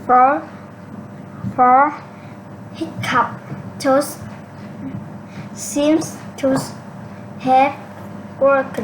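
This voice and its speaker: A woman doing shadowing practice, slowly and haltingly repeating cartoon lines with small slips. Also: sits high, level tone. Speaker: English learner. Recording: noisy home recording.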